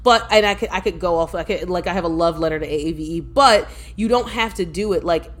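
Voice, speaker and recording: A woman talking as a podcast guest, telling lively stories with frequent laughter and restarts. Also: fairly low pitch, fast talker. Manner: lively storyteller, laughs often, restarts sentences. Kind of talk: casual podcast conversation.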